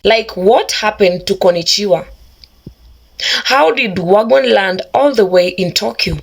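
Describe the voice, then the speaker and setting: Slow, measured woman narrator. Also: mid-range voice, lively intonation, gravelly, slightly rough. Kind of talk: scripted narration.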